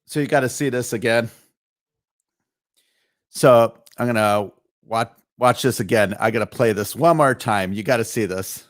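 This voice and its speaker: At normal speed and medium pitch, a man hosts a live online show in a relaxed, rambling way. He keeps using fillers and restarting sentences throughout his casual stream commentary.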